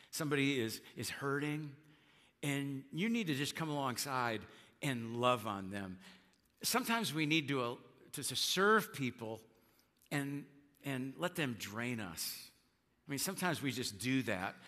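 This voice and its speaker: A middle-aged male pastor preaching a conversational sermon, acting out quotes in lively voices. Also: a little high, in a large hall.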